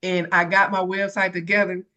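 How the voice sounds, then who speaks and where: A woman telling an emotional personal story about starting her business, animated and close to tears. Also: lowish voice, normal speed. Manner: animated storytelling, acts out others' voices. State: tearful. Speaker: credit repair consultant sharing her story.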